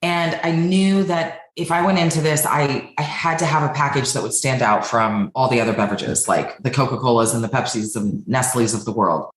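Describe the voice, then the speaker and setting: A middle-aged woman guest from Denver telling her founding story in a lively, casual way, acting out the voices she quotes. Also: extremely low pitch, normal speed, hardly any pauses, echoey room. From Denver, United States. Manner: animated, acts out quoted voices. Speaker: podcast guest, beverage company founder.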